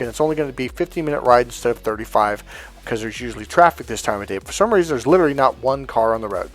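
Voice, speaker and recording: A middle-aged man teaching dating advice in a casual, blunt way, swearing often and telling animated stories. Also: fairly high pitch, fast talker. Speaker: dating coach. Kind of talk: casual spoken lesson.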